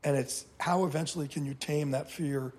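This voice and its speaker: Husky, blunt-talking man in his fifties. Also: a little high, moderate pace. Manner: blunt, profane, animated storyteller. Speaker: podcast guest. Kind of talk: casual interview storytelling.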